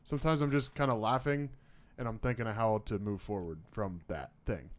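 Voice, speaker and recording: A man's voice: lowish voice, brisk. A man co-hosting a podcast, easygoing and laughing along in casual chat. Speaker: podcast co-host.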